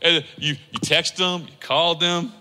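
A male pastor preaching with a bright, high-pitched voice. He fires off repeated rhetorical questions and lifts into a sing-song cadence. The sound rings out with a long church-hall reverb. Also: steady tone, normal speed. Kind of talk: sermon.

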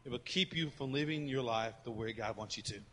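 A male pastor preaching a sermon in a church, swinging between loud emphatic lines and soft quiet ones. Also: mid-range voice, fairly quick, a little hiss or hum. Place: church sanctuary with congregation. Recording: reverberant hall.

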